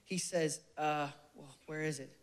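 A man preaching a sermon with passion, swinging from emphatic bursts to hushed near-whispers, and at times leading his listeners in slow, soft prayer. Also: a little high, fairly even intonation.

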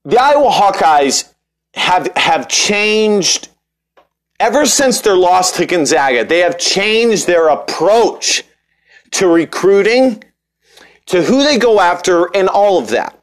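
Young male podcast host with a high voice, loose and joking, talks in restarts. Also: sing-song, slow pace. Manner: rambling, joking, frequent restarts and fillers. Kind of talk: casual sports podcast talk.

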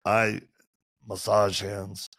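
A man, an interview guest, telling candid and humorous stories in conversation and acting out quotes in lively voices. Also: on the low side, extremely slow, no echo, clean studio sound. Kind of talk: animated storytelling in conversation.

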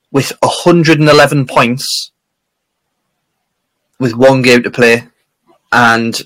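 A man's voice: mid-range voice, fairly bright tone, rough recording. A man co-hosting a casual podcast, rambling and laughing often as he tells stories. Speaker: podcast co-host. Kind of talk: casual chat.

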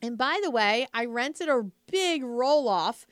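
A chatty woman with a high, smooth voice gives an upbeat motivational talk to moms. She talks casually, sprinkles in "like" and "you know", and keeps asking the listener questions. The sound is dry and close. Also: lively intonation, slow, no room sound. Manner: asks the listener rhetorical questions. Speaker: lifestyle speaker addressing moms.

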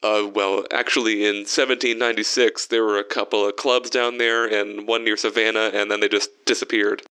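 A man voicing a gruff, profane middle-aged golf coach who sounds distracted and out of breath. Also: on the low side, level tone, brisk, few pauses, pushed and bright. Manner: curses constantly, distracted and breathless.

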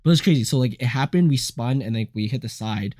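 A young man co-hosting a casual podcast chat, telling stories in an animated way, full of fillers and swearing freely. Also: mid-range voice, quick pace. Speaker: co-host.

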